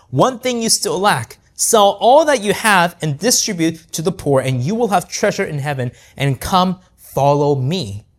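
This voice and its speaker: A man preaching a sermon, earnest and conversational, often asking rhetorical questions and adding "right?". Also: on the high side. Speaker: pastor.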